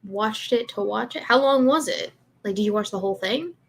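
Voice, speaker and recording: A woman's voice: medium pitch, a little fast, vocal fry, breathy edge. A woman hosting a livestream, chatting casually, teasing her guest and laughing often. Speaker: stream host.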